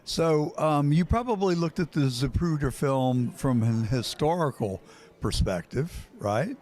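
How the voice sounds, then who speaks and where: A man's voice: fairly high pitch, lively intonation, measured pace, darkish tone. A man hosting and interviewing on location at a hotel conference, asking leading questions in a presenter's manner. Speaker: host and interviewer.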